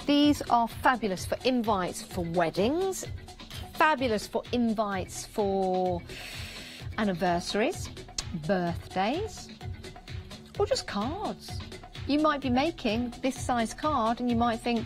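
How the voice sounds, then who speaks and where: A woman's voice: fairly high pitch, sing-song, unhurried, over music. A woman with an English Midlands or Northern accent presenting on a live shopping channel in a TV studio, chatty and upbeat, repeating prices and counts for emphasis. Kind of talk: live TV product selling.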